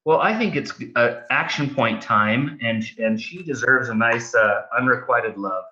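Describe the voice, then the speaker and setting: This player's mid-range voice comes across expressive, pushed and bright, and he takes his time. He's in a tabletop game over voice chat, chattily calling out moves with a bit of theatrical flair, all through a dull, lo-fi mic.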